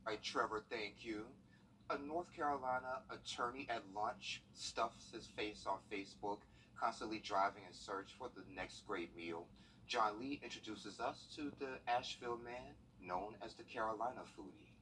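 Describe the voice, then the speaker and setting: A man's voice: on the low side, moderate pace, pushed and bright, distant mic, a little hiss or hum, low-quality recording. A man anchoring a morning newscast, friendly and joking with his co-host. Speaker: news anchor. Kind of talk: anchor banter.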